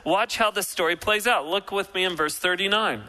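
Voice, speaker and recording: A man preaching a sermon, emphatic and animated, acting out quotes and dropping to a soft, slow delivery for reflective points. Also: high-pitched, low-quality recording. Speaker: pastor.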